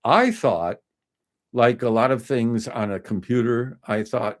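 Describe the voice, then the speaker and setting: Man in his fifties, livestream host, casual rambling talk, mid pitch, chatty with viewers. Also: measured pace. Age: 50s. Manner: rambling, many restarts and fillers, chatty with viewers. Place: home desk, indoors.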